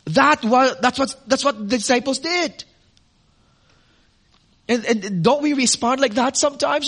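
A man preaching a sermon, expressive, asking the congregation questions and adding personal asides. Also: extremely high pitch, measured pace, long pauses, husky. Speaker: pastor.

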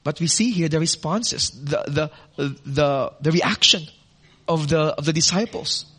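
Male pastor, high bright voice, expressive sermon with questions to the room. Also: a little slow, slightly rough. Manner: expressive preaching with rhetorical questions and audience asides.

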